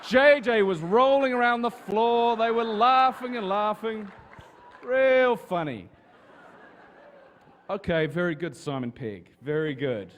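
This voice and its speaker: Guy on a con panel spinning a funny story, pretty high voice, a bit of background hum. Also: slow pace. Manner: lively storyteller with restarts and swearing. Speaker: guest actor on a convention panel. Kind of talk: casual anecdote to an audience.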